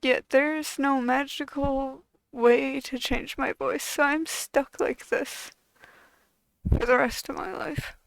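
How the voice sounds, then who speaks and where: A woman's voice: high-pitched, steady tone, slow pace, creaky, dry recording, poor audio. A woman channel host venting to camera in a frustrated, profane, bitter way.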